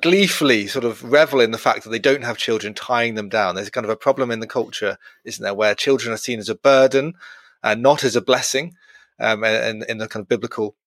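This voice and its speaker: A middle-aged British man co-hosts a chatty podcast, laughing easily as he talks. His voice is medium-pitched, brisk and a bit bright, and the recording is dry.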